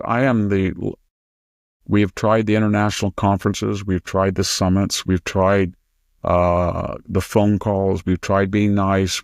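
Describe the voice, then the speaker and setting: Man, host, low pitch, gravelly, emphatic, lecturing, dry sound. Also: no room sound. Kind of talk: political commentary chat.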